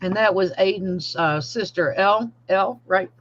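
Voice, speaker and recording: A woman co-hosting a casual fan podcast, animated, saying y'all and laughing often. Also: medium pitch, moderate pace, highs cut off. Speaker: podcast co-host.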